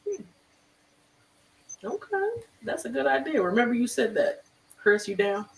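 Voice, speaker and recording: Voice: medium pitch, very animated, a little slow, creaky, echoey room, recorded from a distance, poor audio. A therapist hosting a show on a video call, speaking with effusive, emotional, faith-filled encouragement. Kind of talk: warm encouraging closing remarks on a live web show.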